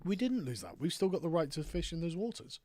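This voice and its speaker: A man's voice: fairly high pitch, big pitch swings, fast talker, crowd noise. A man, streaming and chatting casually, reading text aloud and riffing on it with sardonic mock outrage. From Britain. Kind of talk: casual chat while gaming and reading aloud.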